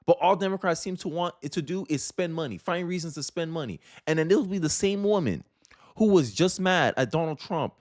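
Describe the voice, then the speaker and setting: A man's voice: on the high side, fast. A man giving emphatic, informal political commentary in a vlog, often throwing rhetorical questions at his viewers.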